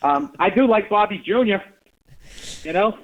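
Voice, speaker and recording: A man's voice: high voice, animated, normal speed, fairly bright tone. A middle-aged man with a Boston accent, a guest comedian talking casually on a radio show, blunt and wry as he rambles through stories. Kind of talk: casual radio interview chat. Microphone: phone call into radio show. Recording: tinny phone line.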